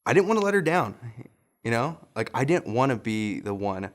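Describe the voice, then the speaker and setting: A man's voice: mid-range voice, sing-song, normal speed. A young adult man, a pastor, telling a personal story in a casual sermon and often chuckling as he goes.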